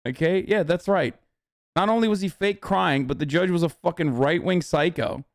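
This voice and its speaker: A man's voice: high voice, moderate pace, no echo, clean studio sound. A young man hosting a livestream, ranting in a casual, profane and argumentative way. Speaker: livestream host.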